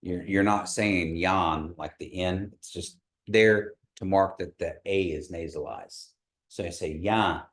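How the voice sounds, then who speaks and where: A man teaching a language class, patient and encouraging, slowing down to model each sound. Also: deep voice, fairly bright tone.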